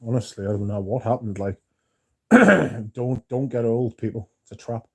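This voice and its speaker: A man hosting a casual livestream speaks at a normal speed in a medium-pitched voice that's creaky with a breathy edge. He rambles through stories, reading out and answering viewer comments, with the occasional swear.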